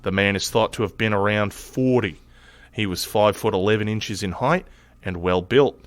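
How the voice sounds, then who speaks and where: A man's voice: on the low side, moderate pace, no room sound, lightly acted. A man doing a hammy mock-Australian news reader. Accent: put-on Australian. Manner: exaggerated, loud, hammy reading. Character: man reading an old newspaper report in a mock Australian accent.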